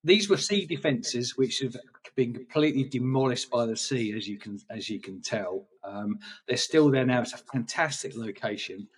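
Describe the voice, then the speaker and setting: Rambling English photographer, distant mic. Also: male voice, medium pitch, normal speed, few pauses, breathy edge. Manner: rambling, hesitant with many restarts. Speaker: guest photographer. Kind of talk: casual interview chat.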